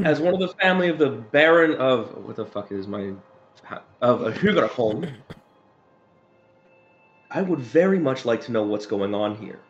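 A man's voice: mid-range voice, lively intonation, moderate pace, pauses often, reverberant, muffled recording, faint music behind, close to an everyday voice. A man voicing a haughty, entitled young male noble who speaks pompously and demands things.

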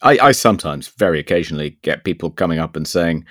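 A man's voice: deep voice, lively intonation, fast talker, fairly bright tone, dry recording, studio quality. A man co-hosting a podcast in casual chat, telling rambling anecdotes with many restarts and stammers. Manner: stammering, self-deprecating anecdotes. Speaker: podcast co-host.

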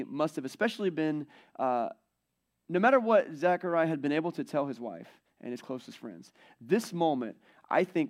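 A man preaching a sermon, retelling scripture in a chatty, animated way. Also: a little high. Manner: conversational, animated storytelling. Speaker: pastor.

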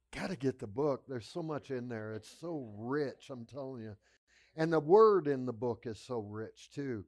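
A middle-aged male pastor with a medium-pitched voice shares a testimony during a sermon, animated and shifting between loud, laughing bursts and hushed retellings.

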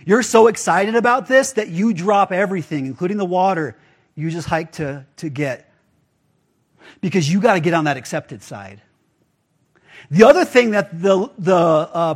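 A man's voice: sits high, slightly rough. A man pastor giving a casual, conversational sermon, full of rhetorical questions to the congregation.

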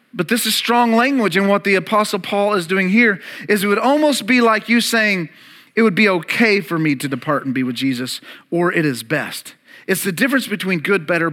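A man in his thirties preaching a sermon to his church, emphatic, rising loud and high and then dropping soft and low, and calling on the congregation to repeat words. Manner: emphatic, climbs louder and higher, then drops to soft and low. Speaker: pastor.

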